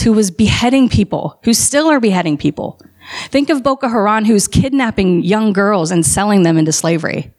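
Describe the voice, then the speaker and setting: A woman's voice: medium pitch, darkish tone. A woman preaching a sermon, telling a story with building passion and emphatic calls to her listeners.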